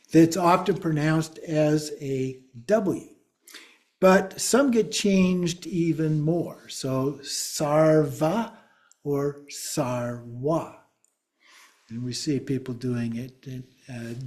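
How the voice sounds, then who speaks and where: A middle-aged man lectures a class in an unhurried, measured way. His voice is mellow and a little high for a man, and he patiently spells words out letter by letter. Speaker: Buddhist teacher.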